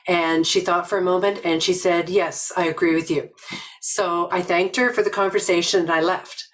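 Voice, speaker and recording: An older woman from Nova Scotia giving a reflective webinar talk, telling stories slowly and earnestly with many pauses. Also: fairly low pitch, fairly even intonation, a bit bright, low-quality recording. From Nova Scotia, Canada. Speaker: webinar presenter.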